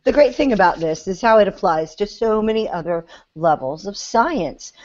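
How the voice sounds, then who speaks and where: A woman's voice: mid-range voice, lively intonation, normal speed, darkish tone. A woman co-hosting a casual podcast, playful and teasing. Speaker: podcast co-host. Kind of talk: casual panel chat. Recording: dull lo-fi audio.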